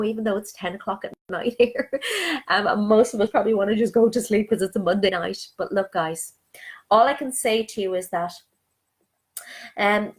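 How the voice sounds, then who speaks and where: A middle-aged woman talking casually on a live video stream as a spiritual speaker. She greets viewers by name, reads their comments aloud, and speaks in a reassuring way, sometimes dropping to a near-whisper. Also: medium pitch. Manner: soothing and reassuring, drops to soft near-whispers.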